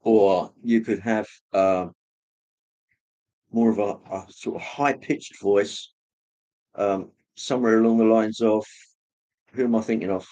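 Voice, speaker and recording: A man hosting a livestream, casually rambling as he reads viewer comments, with many pauses and fillers. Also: on the low side, steady tone, mellow. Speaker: livestream host reading chat. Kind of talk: casual chat.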